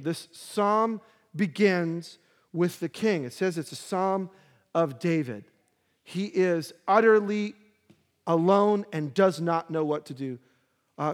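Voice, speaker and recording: A man's voice: high voice, takes it slowly, long reverb tail. A man preaching a sermon, reading scripture with rising emphasis and slipping into casual asides. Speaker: pastor.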